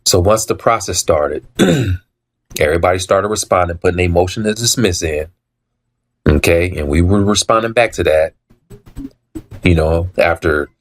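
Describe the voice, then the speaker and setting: A man telling his story in a casual monologue, repeating himself for emphasis, acting out quoted dialogue and often clearing his throat. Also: low voice, moderate pace, long pauses.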